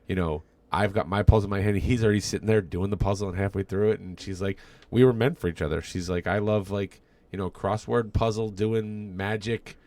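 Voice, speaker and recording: A man co-hosting a casual podcast, telling stories easily and slipping in dry jokes. His voice sits a little low and stays relaxed. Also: brisk, no echo. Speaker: podcast co-host.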